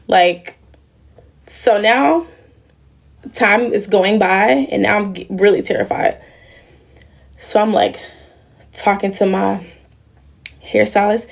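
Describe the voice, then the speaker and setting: Gravelly-voiced woman telling a story to her livestream. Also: mid-range voice. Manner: emotional, rambling, addresses viewers directly. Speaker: livestream host.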